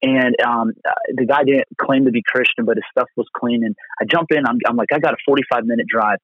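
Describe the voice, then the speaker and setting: A man's voice: mid-range voice, steady tone, brisk, slightly rough, no room sound. A man from Pennsylvania, a guest evangelist, telling faith stories over the phone in an earnest, rambling way with many restarts. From Pennsylvania, USA. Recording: tinny phone line.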